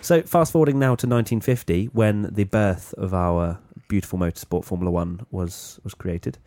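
A man's voice: low-pitched, moderate pace, mellow, no room sound, clean studio sound. A man hosting a casual podcast in a small room, jokey and teasing, with restarts. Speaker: podcast host.

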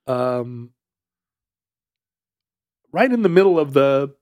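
A man in a casual chat, telling a story in a halting way with fillers and restarts. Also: mid-range voice, very animated, darkish tone, clean tone, no echo, clean studio sound.

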